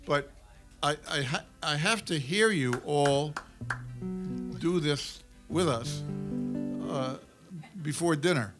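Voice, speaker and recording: A man's voice: fairly high pitch, slow pace, long pauses, over music. A man performing with an acoustic duo, joking with the crowd and coaching them through a clap-along song. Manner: jokey, coaxes the crowd, counts in and teaches claps. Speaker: performer leading an audience sing-along. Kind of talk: joking stage banter.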